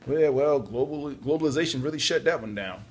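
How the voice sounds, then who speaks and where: A man's voice: fairly high pitch, expressive, brisk, husky. A tired man giving casual, chatty job-search advice, yawning at times and adding apologetic asides. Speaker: podcast host on job search. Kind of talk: casual spoken advice talk.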